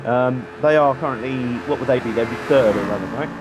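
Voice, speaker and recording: A man's voice: medium pitch, fast talker, background noise. A man commentating a long endurance sim race in a chatty, rambling way, laughing often. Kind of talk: live sim-racing commentary.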